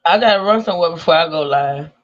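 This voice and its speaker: A man's voice: a little high, quick pace, a bit bright. A man co-hosting a casual livestream, chiming in with short reactions. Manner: laughing along, brief reactions. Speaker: co-host. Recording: dull lo-fi stream audio.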